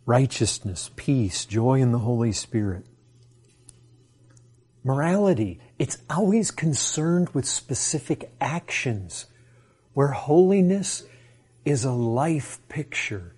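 A man's voice: mid-range voice, big pitch swings, slow pace, a little mellow, husky. Impassioned male preacher. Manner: impassioned, with many rhetorical questions. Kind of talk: sermon.

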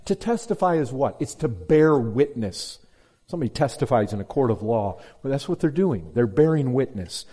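A man preaching an expository sermon to a congregation, emphatic and direct, repeating key words and dropping low and slow for stress. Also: big pitch swings, husky. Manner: emphatic, swings between loud stress and low slow drops. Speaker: pastor.

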